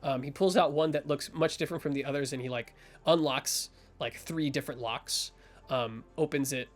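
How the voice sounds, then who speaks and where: A man's voice: medium pitch, moderate pace. A man narrating as game master in a rambling way, full of fillers and restarts.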